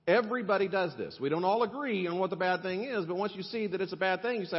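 Guy preaching a sermon, lively, acts out quotes, kinda muffled church hall sound. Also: fairly high pitch, fairly quick. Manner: animated, acts out voices of people he quotes. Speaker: pastor. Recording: dull sound with long hall reverb.

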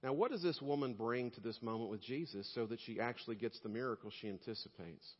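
A male pastor preaching a sermon, telling stories and swinging between loud emphasis and quiet asides. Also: medium pitch, quick pace, husky, in a large hall, muffled recording.

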